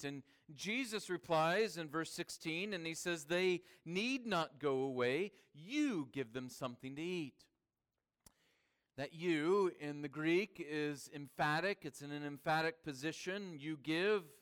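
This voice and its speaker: Male preacher, fairly high and clear, sermon delivery with hushed-to-emphatic swings. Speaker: pastor.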